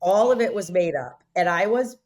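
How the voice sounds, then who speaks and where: A woman's voice: on the low side, lively intonation, moderate pace, a little mellow. A woman guest in an interview, telling her story emphatically and often saying "like" as she talks. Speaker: interview guest, restaurant owner. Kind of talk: candid conversational interview.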